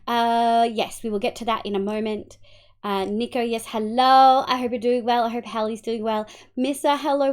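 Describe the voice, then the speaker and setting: A woman's voice: fairly high pitch, fairly even intonation, moderate pace, clear, resonant tone. Upbeat Australian woman streamer. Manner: greets chat warmly by name, swings into loud playful outbursts. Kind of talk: casual live-stream chat.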